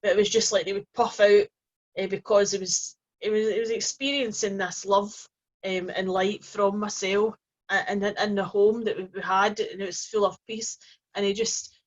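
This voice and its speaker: A woman speaks in a gentle, meandering way, often circling back and restarting her sentences as she shares a personal story. Her voice sits at an ordinary middle pitch. The recording is dull and lo-fi. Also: level tone, normal speed. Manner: gentle, rambling, with frequent restarts and soft fillers. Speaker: host. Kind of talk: casual personal storytelling to camera.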